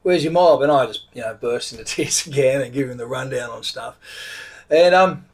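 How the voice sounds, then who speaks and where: In a mid-range voice at normal speed, a middle-aged Australian man tells a travel story as a vlogger, recounting a road trip. His casual telling wanders, with many restarts.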